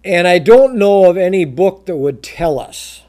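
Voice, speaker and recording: A man preaching a verse-by-verse Bible sermon, drawing out scripture quotes slowly and emphatically, often repeating words and restarting sentences. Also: high voice, animated, dark tone. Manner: emphatic, slow, drawn-out quoting of scripture.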